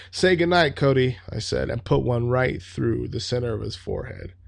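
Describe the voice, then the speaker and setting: Male reader with a gravelly, fry-laced voice reads a story aloud and drops in casual, swearing commentary. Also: medium pitch, darkish tone. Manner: swears freely in offhand asides.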